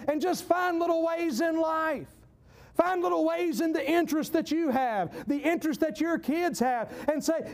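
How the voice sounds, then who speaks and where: A man with a Southern US accent preaching a sermon, folksy and emphatic, repeating key phrases and breaking into shouts. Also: very high-pitched, normal speed.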